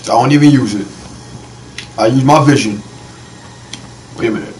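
A young man giving casual, slangy let's-play commentary, reacting to the game with quick excited exclamations. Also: mid-range voice, far from the mic, rough recording. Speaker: gaming channel host. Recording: voice a bit off-mic with faint noise.

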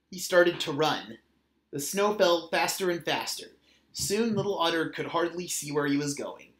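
A man reading a children's picture book aloud in a gentle, measured way. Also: on the high side. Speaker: storyteller. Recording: roomy echo.

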